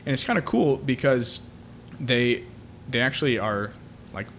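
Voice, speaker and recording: A man's voice: medium pitch, lively intonation, measured pace, a bit bright, slight background noise. Man retelling a film plot. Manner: retelling a film plot at length, with many fillers. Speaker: podcast co-host. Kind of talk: casual podcast chat.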